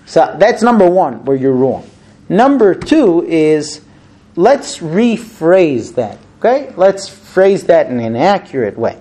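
A man's voice: fairly high pitch, takes it slowly. A man teaching a small group about marriage, telling a story and acting out husband and wife in turn. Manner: animated storyteller acting out both spouses. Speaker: speaker giving a class on marriage. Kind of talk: lively talk to a small group.

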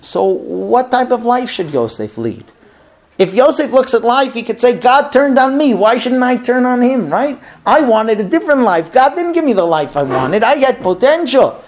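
Animated man telling a Torah story. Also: very high-pitched, normal speed. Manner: lively, acts out the story's voices. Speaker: rabbi teaching Torah.

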